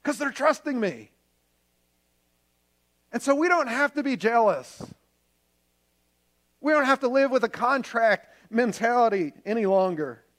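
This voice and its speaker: High-voiced man preaching earnestly. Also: expressive, unhurried, long pauses, fairly bright tone. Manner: earnest, conversational preaching with homely examples. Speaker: pastor. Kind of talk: sermon.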